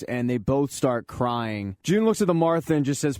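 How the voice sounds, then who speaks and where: A man's voice: mid-range voice, expressive, normal speed, hardly any pauses, a little mellow, dry recording, clean studio sound. A man casually recapping a TV drama season, sarcastic and candid, swearing now and then. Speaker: recap host.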